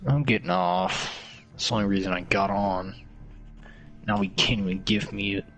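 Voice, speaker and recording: A young man streaming games and chatting casually, excitable and joking, swinging between whiny pleading and low muttering. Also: normal speed, faint music behind. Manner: excitable, joking, lots of laughter. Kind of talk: casual gaming stream chat.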